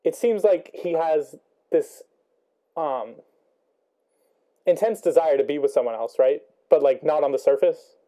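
A man's voice: on the high side, unhurried, pauses often, warm tone. A young man talking through a book chapter casually, thinking aloud with many ums and rhetorical questions. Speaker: student discussing a book.

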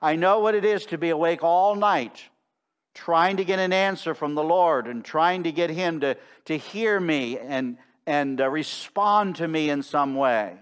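A middle-aged man preaching a sermon in a church, emphatic and slowing down to stress key phrases. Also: a little high, clean tone. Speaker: pastor. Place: church sanctuary.

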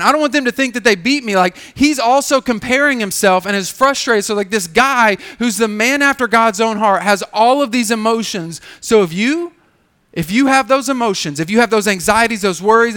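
Full of rhetorical questions, this sermon comes from a pastor whose delivery is animated and conversational. His voice is male, high-pitched, and smooth.

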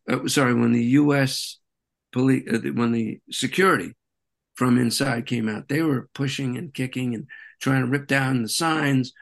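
A man being interviewed as a guest, recounting events in an animated, rambling way. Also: mid-range voice, creaky. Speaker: interview guest, peace activist. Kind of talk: conversational interview.

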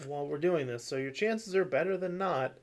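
A man's voice: on the high side, fairly quick. A young man co-hosting a podcast in casual chat, rambling with lots of fillers and the odd swear word. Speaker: podcast co-host.

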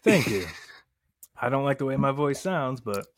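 A man's voice: medium pitch, expressive, moderate pace, dry recording. Profane, rambling man on a podcast. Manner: profane, rambling, laid-back. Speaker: podcast guest. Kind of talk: casual chat.

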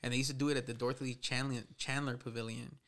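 A man's voice: medium pitch, flat delivery, fast talker, fairly bright tone. A man with a Chicano English accent from Southern California, chatting casually and slipping Spanish into his English. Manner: laid-back slangy talk, mixing Spanish into English. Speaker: podcast guest. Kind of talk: casual chat.

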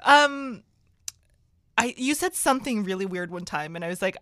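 A young woman chats with a bright, crisp voice, laughing and teasing as she tells stories. The sound is close and dry, with no room around her. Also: mid-range voice, animated, moderate pace, dry recording. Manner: giggly, teasing, laughs often. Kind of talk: casual chat.

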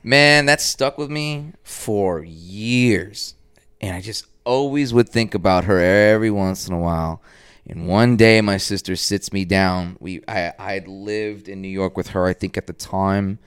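Man, low resonant voice, dry close mic, animated profane storyteller, podcast guest. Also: measured pace, clean tone, no echo. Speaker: guest artist.

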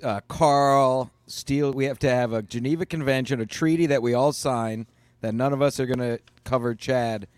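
A man's voice: medium pitch, moderate pace, darkish tone, clean tone, dry recording. A man on a casual podcast panel, cracking wise and pressing his point emphatically.

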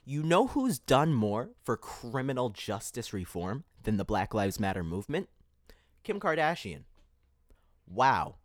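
A man's voice: medium pitch, big pitch swings, moderate pace, no echo, clean studio sound. A man hosting an opinion podcast, talking emphatically and tossing out rhetorical "right?" questions. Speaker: podcast host. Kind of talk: opinion commentary monologue.

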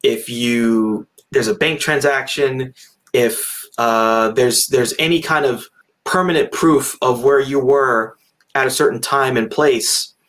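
A man's voice: medium pitch, takes it slowly, a bit bright. A man co-hosting a film review podcast, joking casually and laughing at his own points. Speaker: podcast co-host.

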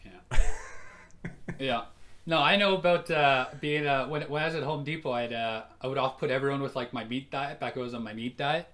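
A man's voice: medium pitch, moderate pace, a bit bright. A man co-hosting a casual comedy podcast, rambling with lots of fillers and giggles. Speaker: podcast co-host.

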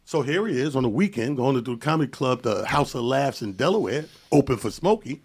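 A male comedian telling a story on a podcast in an animated, profane way, acting out the dialogue. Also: mid-range voice, fast, breathy edge. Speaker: comedian guest.

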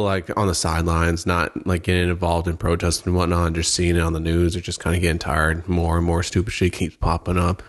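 Deep-voiced man ranting casually. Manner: profane, ranting, sarcastic. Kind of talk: casual chat.

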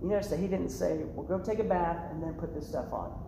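A man preaching a lively, casual sermon to students, acting out the characters in the story with loud outbursts and slang. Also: fairly high pitch, quick pace, creaky, background noise. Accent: American. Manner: animated, acts out the characters' lines, casual slang. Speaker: youth pastor. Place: church hall. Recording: echoey church hall.

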